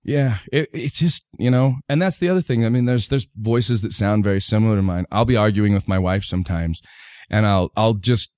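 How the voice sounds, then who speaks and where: A man's voice: fairly low pitch, brisk, darkish tone, no echo, clean studio sound. A man, a stand-up comedian, chatting casually as a podcast guest and explaining how he does voices. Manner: explains voice tricks by demonstrating them. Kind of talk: casual chat.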